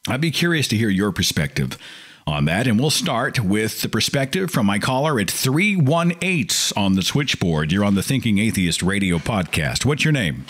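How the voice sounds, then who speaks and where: His voice sits low with a breathy edge, moving at normal speed. As host of a call-in podcast, he talks casually and passionately, animatedly mocking pious relatives through impressions.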